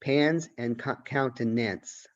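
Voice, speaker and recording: A man's voice: mid-range voice, takes it slowly, muffled recording. A man who is a college literature professor, giving a lecture and thinking aloud with restarts and questions. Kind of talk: recorded lecture.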